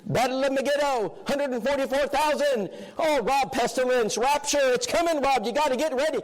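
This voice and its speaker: A male preacher acting out an excitable man who lists end-times warnings in an urgent rush. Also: very high-pitched, moderate pace, pitched above the performer's own voice, poor audio.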